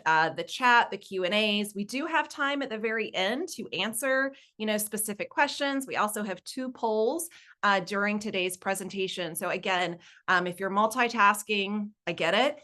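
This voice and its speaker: Southern woman in her forties, webinar presenter, chatty and upbeat, bright crisp voice. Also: medium pitch, moderate pace. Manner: upbeat, chatty, laughs easily. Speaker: nonprofit consultant presenting a webinar.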